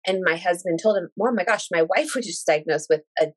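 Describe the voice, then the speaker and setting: A woman in her thirties telling a personal story in casual conversation, animated and emotional, acting out quoted dialogue and speaking in religious, thankful terms. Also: lowish voice, brisk. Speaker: guest sharing a personal story.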